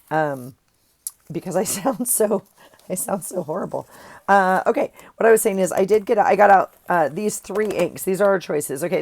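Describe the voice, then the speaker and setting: A woman's voice: fairly low pitch, vocal fry, darkish tone. A woman chatting casually to viewers at her craft desk, rambling and friendly, recorded on an earphone mic. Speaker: craft vlogger. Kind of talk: casual chat while crafting.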